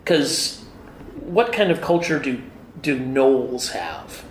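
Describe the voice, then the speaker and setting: A middle-aged man who designs games chats eagerly in a casual interview at a busy convention, telling animated stories packed with fillers. His voice is medium in pitch and he speaks slowly. The recording carries the echo and faint ambience of the convention hall, with slight background noise.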